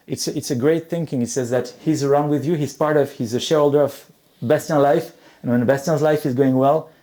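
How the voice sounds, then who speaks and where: A man's voice: medium pitch, steady tone, fairly quick, warm tone. A middle-aged man gives a motivational conference talk, often stumbling and repeating words as he goes. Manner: hesitant, many repeated words and restarts. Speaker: conference speaker.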